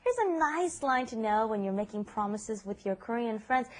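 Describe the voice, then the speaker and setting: A woman's voice: on the high side, animated, moderate pace, few pauses. A woman co-hosting a casual Korean lesson podcast, reading example lines aloud and then explaining them. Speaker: Korean language teacher co-host.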